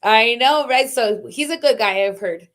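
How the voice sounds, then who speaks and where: A woman in her thirties from Socorro, a high school teacher and department chair, talking casually on a video call with lots of fillers. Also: unhurried, a crowd in the background. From Socorro, Texas. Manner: chatty, many fillers like "like" and "um".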